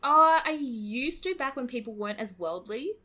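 An Australian woman voice actor being interviewed, easygoing and giggly with quick jokes. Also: high voice, expressive, crowd noise. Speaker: voice actor, audio creator guest. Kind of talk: casual interview chat.

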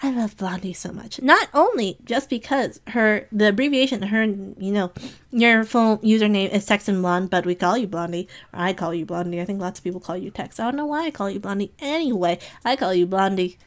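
A woman's voice: mid-range voice, fairly quick. A woman in a rambling casual monologue, gushing with affection and giggling, sniffling now and then. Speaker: community member giving shout-outs.

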